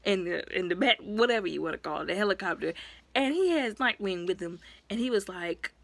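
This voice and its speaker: A woman giving a casual, rambling recap of a movie as a reviewer. She talks in a lively, expressive way, full of asides and fillers. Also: fairly quick, gravelly, dry recording. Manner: lively and expressive, with sudden jumps in pitch and loudness.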